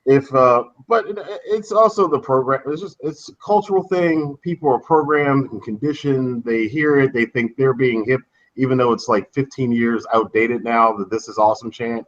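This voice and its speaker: A man's voice: mid-range voice, moderate pace. A man co-hosting a casual wrestling podcast, giving blunt opinions. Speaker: podcast co-host. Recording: dull lo-fi sound.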